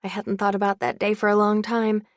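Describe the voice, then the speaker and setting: A woman's voice: mid-range voice, flat delivery, brisk, dry recording. A young adult woman narrating a first-person audiobook in a wry, confiding way.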